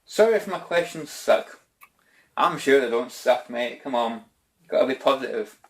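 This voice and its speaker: A man's voice: medium pitch, animated, normal speed. A Scottish man answering viewer questions in a casual, informal vlog chat, often saying "bloody" and "mate". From Scotland. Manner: chatty and informal, says "bloody" and "mate" a lot. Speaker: YouTube gaming channel host.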